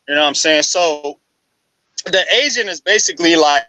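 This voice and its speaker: A man breaking down football news on a live sports talk show, casual and animated, with frequent restarts. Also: fairly high pitch, normal speed, no echo, low-quality recording.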